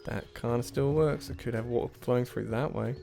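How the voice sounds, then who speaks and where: A man's voice: mid-range voice, steady tone, fairly quick, gravelly, dark tone, soft background music. A man doing casual gameplay commentary on a puzzle game, muttering to himself as he works things out, with self-deprecating asides and sudden frustrated outbursts.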